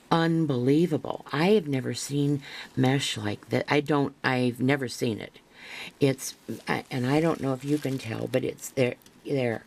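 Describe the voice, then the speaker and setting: An older woman with a gravelly voice, a craft vlogger chatting to camera as she unpacks a parcel, gushing and rambling with restarts, sometimes dropping to a near-whisper. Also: low voice, a little mellow, slight background noise, rough recording. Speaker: craft vlogger showing a haul. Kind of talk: casual show-and-tell to camera.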